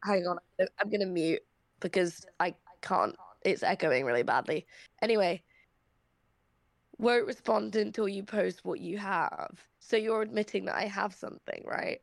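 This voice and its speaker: A woman's voice: mid-range voice, normal speed, vocal fry, dry recording. Woman, slight british accent, ranting over voice chat on a dry mic, swears a lot, keeps restarting. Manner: blunt, profane, ranting with restarts. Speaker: voice chat participant. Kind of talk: casual voice chat. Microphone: computer mic in voice chat.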